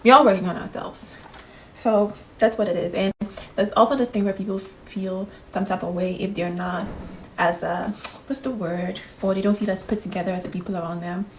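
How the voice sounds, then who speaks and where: A young woman from Ghana talking candidly in a casual vlog, giving gentle, reassuring advice. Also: medium pitch, steady tone, normal speed, rough recording. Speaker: vlogger.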